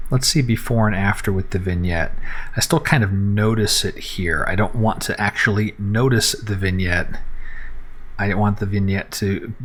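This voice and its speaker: A man, possibly middle-aged, talking through a photo edit live and unscripted, thinking aloud step by step with frequent fillers. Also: lowish voice. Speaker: photographer teaching photo editing. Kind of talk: unscripted live screen-recorded editing tutorial.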